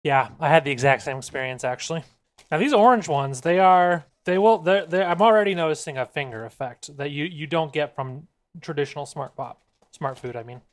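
A podcast co-host in a casual snack-tasting chat, relaxed and wry, often restarting sentences while eating. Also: medium pitch. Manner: relaxed, wry, halting restarts, mouth full.

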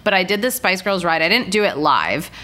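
A woman in her thirties co-hosting a podcast, chatting casually with lots of fillers and quick laughs. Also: fairly low pitch, big pitch swings, pushed and bright. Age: 30s. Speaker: podcast co-host.

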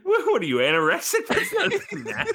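A man's voice: extremely high pitch, huge pitch swings, brisk, vocal fry, bright, forceful tone. A man in casual chat, sardonic and crude, arguing for laughs. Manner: sardonic, crude, argumentative joking.

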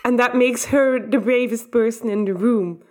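A woman's voice: on the high side, normal speed, darkish tone. A woman in a casual podcast chat, recapping a cartoon episode in a playful, teasing way.

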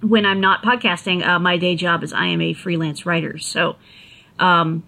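Bright, forceful-voiced female podcast guest, lively and giggly. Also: fairly low pitch, moderate pace, vocal fry. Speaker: podcast guest, freelance writer. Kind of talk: casual podcast chat.

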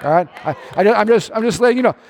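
Male pastor, middle-aged, high-pitched voice, animated preaching style that jumps from shouts to near-whispers. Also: very fast. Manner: animated, swings between shouts and hushed asides. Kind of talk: sermon.

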